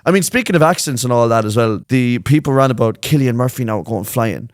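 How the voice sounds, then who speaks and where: A man's voice: medium pitch, animated, brisk, dry recording, studio quality. A young Irish man co-hosting a podcast, chatting casually in a rambling, self-mocking way and swearing freely. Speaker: podcast co-host. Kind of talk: casual chat.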